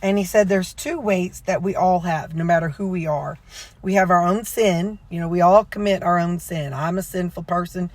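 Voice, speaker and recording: A woman's voice: fairly low pitch, fairly even intonation, normal speed, no room sound. A woman vlogger in a car, casually retelling a sermon in a rambling way, full of fillers and self-corrections. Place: inside a car.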